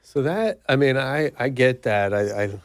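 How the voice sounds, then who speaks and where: A man's voice: mid-range voice, lively intonation, a little slow, dry recording, clean studio sound. A man hosting a casual interview, asking questions in an agreeable, encouraging way. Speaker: podcast host, interviewer.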